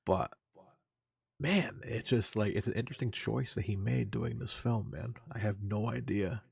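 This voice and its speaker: Rambly podcast guy, raspy gravelly voice, pitch all over the place. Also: fairly even intonation, moderate pace, a little mellow. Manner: rambling, full of fillers like "man" and "you know". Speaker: podcast co-host. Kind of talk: casual chat.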